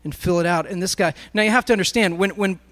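A man's voice: high-pitched, fast, fairly bright tone. A man speaking to a live congregation, telling a story in a sermon as he addresses the crowd directly.

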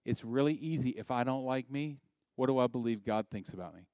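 A male pastor giving a sermon, animated and conversational, asking the listeners direct questions. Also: mid-range voice, a little fast, clear, resonant tone, dry recording.

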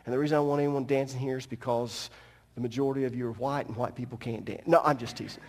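A man preaching a sermon as pastor, telling a story with animated delivery and joking asides. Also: mid-range voice, fast, in a large hall.

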